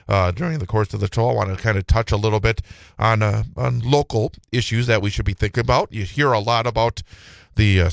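A man's voice: fairly low pitch, gravelly, no echo. A man from Wisconsin hosting a morning talk radio show, chatting in a rambling way with many fillers and restarts, in a radio studio on a studio microphone. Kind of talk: casual talk radio chat.

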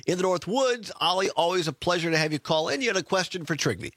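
A man's voice: high voice, lively intonation, fast talker, a bit bright, no echo, clean studio sound. A man from Wisconsin hosting a political call-in radio show, chatty, with frequent fillers and short laughs. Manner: chatty, laughs between phrases, many fillers. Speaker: radio talk show host. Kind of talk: casual political talk radio.

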